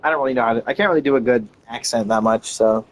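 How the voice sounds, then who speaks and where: A man's voice: medium pitch, very fast, a little hiss or hum. A man with a Southern US accent giving casual gameplay commentary, irritable and swearing. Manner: irritable, swears and laughs at himself. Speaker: streamer.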